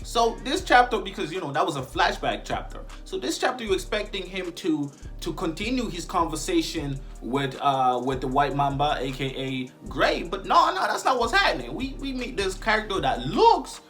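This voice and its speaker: Slangy, animated man reviewing comics. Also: high voice, normal speed, hardly any pauses, faint music behind. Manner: slang-heavy, animated, keeps saying "you know what I'm saying". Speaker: webtoon reviewer. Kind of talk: casual video review.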